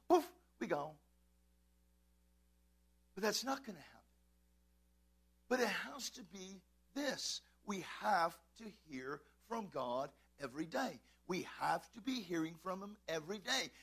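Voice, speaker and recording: A male pastor preaching fervently in a church, swinging from shouts to quiet asides and calling out to his congregation. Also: high-pitched, slightly rough. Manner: addresses congregation, calls and repeats. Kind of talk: preaching a sermon.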